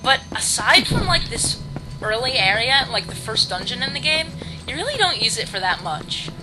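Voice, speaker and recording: A woman's voice: on the high side, very animated, moderate pace, low-quality recording. A woman giving casual, rambling commentary on a game she is playing, with game music under her voice. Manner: rambling, hesitant, full of restarts and "like". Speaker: let's play host.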